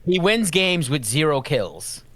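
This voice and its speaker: A man co-hosting a casual gaming podcast, telling relaxed, self-deprecating stories in an easygoing way. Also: fairly high pitch, a little slow, no room sound. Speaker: podcast co-host.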